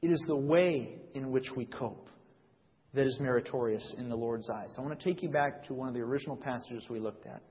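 A man's voice: mid-range voice, brisk. Man preaching in a reverberant hall. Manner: conversational preaching with frequent restarts, rising when reading scripture. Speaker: pastor. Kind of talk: sermon. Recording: dull sound with long reverb in a hall.

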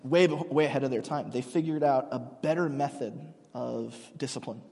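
A man's voice: mid-range voice, moderate pace, vocal fry, darkish tone. A man in his thirties preaching a sermon, telling stories in a casual, joking way with many restarts. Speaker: pastor. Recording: long hall reverb.

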